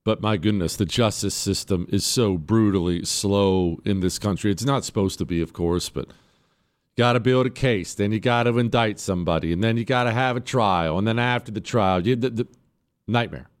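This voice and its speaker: A man hosting a radio talk show, giving opinionated political commentary in an emphatic, sarcastic way, often jumping into high mocking voices. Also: normal speed.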